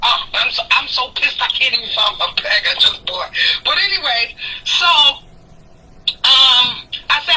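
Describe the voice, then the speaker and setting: Defiant woman, blunt and profane, high and bright, on a slightly noisy call. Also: normal speed. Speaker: guest telling her side. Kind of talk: heated phone call storytelling.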